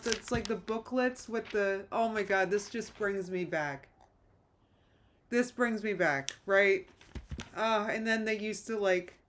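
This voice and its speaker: A woman's voice: a little high, a little hiss or hum. Female streamer, casual rambling chat, sentimental, talks straight to viewers. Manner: rambling, reads chat comments aloud, restarts often; nostalgic and emotional. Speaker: livestream host.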